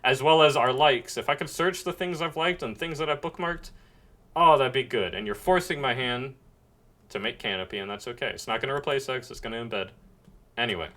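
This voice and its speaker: A man's voice: mid-range voice, sharp tone. Earnest rambling male streamer. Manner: earnest, rambling, self-reflective. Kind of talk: casual livestream monologue. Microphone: webcam mic at a computer.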